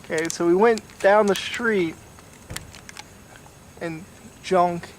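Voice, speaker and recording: A man's voice: high voice, slow pace. Tipsy young man rambling outdoors. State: drunk. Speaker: storyteller. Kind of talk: casual storytelling to camera. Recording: distant mic, faint noise.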